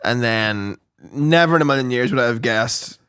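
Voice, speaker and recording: A man's voice: mid-range voice, normal speed, a bit bright, clean tone. A man co-hosting a podcast, bantering casually and reacting with laughter. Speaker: podcast co-host. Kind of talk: casual chat.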